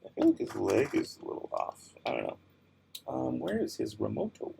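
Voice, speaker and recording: A young man hosts a casual livestream, reading viewer comments aloud as he works, with a medium-pitched voice that swings widely in pitch at a moderate pace. He sounds creaky, tired, and worn, like he's losing his voice, and there's noise in the background. His manner is laid-back but easily exasperated, and he mumbles while working.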